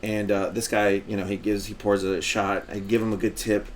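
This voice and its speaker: A man's voice: on the low side, moderate pace, slight background noise. A man co-hosting a podcast, telling a long rambling story in casual chat, acting out what people said and swearing freely. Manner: rambling, animated storyteller who acts out quotes, swears freely. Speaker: podcast co-host.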